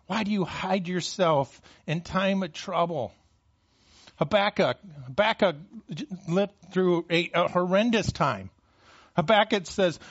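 A man's voice: fairly high pitch, a little slow, muffled recording. A man preaching a sermon as a pastor. He stumbles and repeats words as he starts phrases, and his voice rises when he reads scripture aloud.

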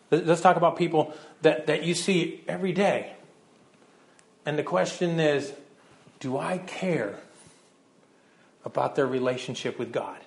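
A middle-aged man preaching a sermon in a conversational way, often repeating words as he starts his sentences. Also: a little high. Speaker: pastor.

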